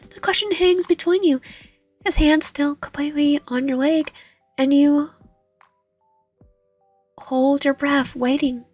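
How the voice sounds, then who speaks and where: Woman reading a romance game aloud, fairly high. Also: fairly even intonation, darkish tone, no echo, faint music behind. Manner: halting reading with frequent slips and self-corrections. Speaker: gaming channel host.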